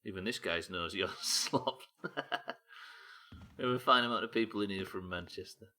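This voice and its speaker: A streamer from Yorkshire, England, chats casually with his viewers while playing a game, joking and asking questions out loud in his Yorkshire accent. His fairly low voice is bright and forceful, at normal speed.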